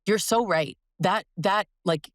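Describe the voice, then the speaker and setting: Woman, podcast host, animated storyteller, emphatic, dry close sound. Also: mid-range voice, slow pace, no room sound. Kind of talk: casual podcast conversation.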